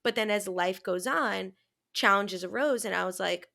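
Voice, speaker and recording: A young woman with a gravelly, creaky edge to her voice, chatting candidly on a podcast. She tells personal stories with animated swings and drops into casual swearing. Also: medium pitch, moderate pace. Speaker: podcast co-host. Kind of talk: casual chat.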